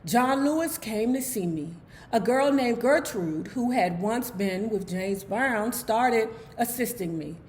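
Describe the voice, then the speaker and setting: A woman with a Southern US accent hosting a book club, reading a memoir aloud and breaking into loud, animated, casual commentary. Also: a little high, slow, a little hiss or hum. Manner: switches between soft reading and loud animated asides.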